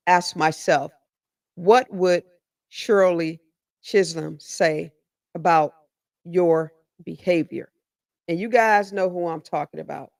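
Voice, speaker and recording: A woman's voice: fairly low pitch, dry recording. A middle-aged woman hosting her own podcast, talking in a sassy, emphatic, colloquial way as she rants to her listeners. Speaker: podcast host. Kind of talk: casual commentary monologue.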